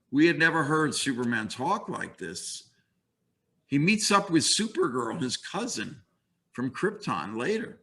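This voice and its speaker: A slow-talking older man lecturing. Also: a little high. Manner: relaxed and conversational, with wry asides. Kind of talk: illustrated webinar lecture.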